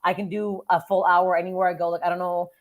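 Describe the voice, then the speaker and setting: A woman's voice: fairly low pitch, fast talker. A Canadian woman in her thirties, a comedian telling blunt, profane stories as a podcast guest. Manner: profane, blunt, animated storytelling. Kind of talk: casual podcast storytelling.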